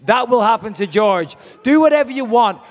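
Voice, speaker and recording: A man's voice: very high-pitched, lively intonation, normal speed. Brash, profane man taunting in a hall. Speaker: fighter at a press conference. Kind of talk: trash talk at a press conference. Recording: long hall reverb.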